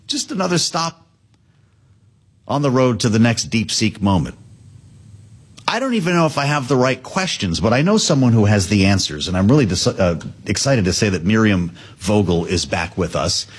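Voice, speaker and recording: A man anchoring a live business news show, speaking in a conversational, lively way. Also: fairly low pitch, breathy edge.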